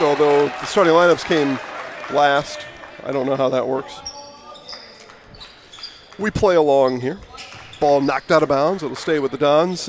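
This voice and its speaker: A man calls a high school basketball game, his voice sitting a touch high. He talks loosely and drifts into opinionated asides between plays. Steady gym noise and bouncing balls run under the broadcast-booth audio. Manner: chatty, rambling, opinionated asides. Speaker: play-by-play announcer. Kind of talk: sports commentary.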